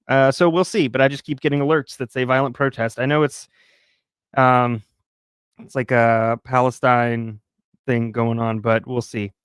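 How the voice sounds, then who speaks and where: A man's voice: medium pitch, clear, resonant tone, no room sound, studio quality. A man hosting a live stream from his recliner at home, chatting casually and joking with his viewers. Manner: chatty, joking, rambling asides.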